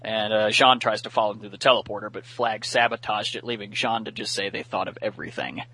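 A man's voice: on the low side, fast talker, sharp tone, slightly rough, poor audio. A man hosting a podcast and recapping a cartoon episode in casual chat. He talks chattily, laughs often and uses many fillers.

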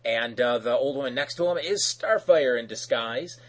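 A man's voice: mid-range voice, moderate pace. A man casually recapping a cartoon episode as podcast host, rambling with many fillers.

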